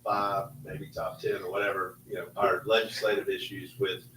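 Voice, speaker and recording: A Southern man with a lowish voice hosts a casual meeting, rambling loosely and trailing off into asides. He sounds off the mic in a roomy space with a faint hum behind him. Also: level tone, moderate pace, sharp tone, distant mic. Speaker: host.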